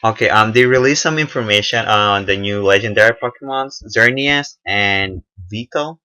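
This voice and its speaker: A young man giving casual, unscripted commentary on a game trailer, halting often with fillers and restarts. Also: on the low side, pushed and bright, clear, resonant tone. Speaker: gaming video reviewer.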